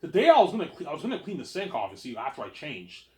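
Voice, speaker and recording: A man's voice: fairly high pitch, huge pitch swings, fast, warm tone, reverberant. A young man rambling in a casual vlog monologue, repeating words and restarting his sentences often. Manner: repetitive, stammering restarts. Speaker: vlogger.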